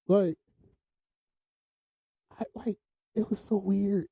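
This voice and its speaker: A man's voice: a little high, lively intonation, normal speed, no room sound, phone-quality sound. A man hosting a podcast, telling laid-back stories, laughing often and swearing freely. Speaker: podcast host. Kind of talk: casual storytelling.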